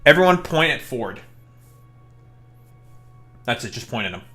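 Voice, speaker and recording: A male streamer chats casually over his gameplay, full of swearing and joking rants. His voice swings widely in pitch, and faint music plays underneath. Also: measured pace. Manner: profane, joking, animated rants.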